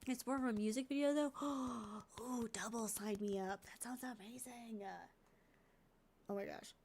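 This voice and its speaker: A woman's voice: a little high, steady tone, measured pace, darkish tone, slight background noise. A congested woman streamer chatting casually and thinking aloud while editing videos, easily distracted.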